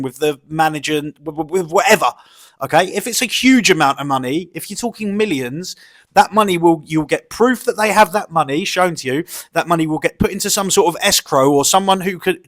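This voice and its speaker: On a ranting commentary vlog, a YouTube commentator with a highish, slightly bright voice delivers a mocking, exasperated rant. He swears and laughs often.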